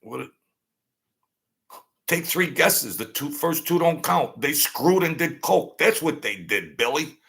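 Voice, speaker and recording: Recounting episodes from his earlier life, a man rambles loosely, cursing often and filling gaps with "blah, blah, blah." His somewhat bright, higher-pitched voice has lively intonation and vocal fry, and he talks unhurriedly with few pauses.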